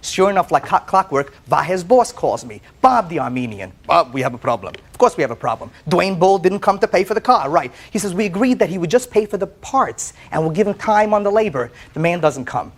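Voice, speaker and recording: A man testifying as plaintiff on a courtroom show, telling his story in an animated way, often stammering and repeating words. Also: high-pitched, a little fast, few pauses. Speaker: plaintiff in a TV small-claims case. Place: TV courtroom set.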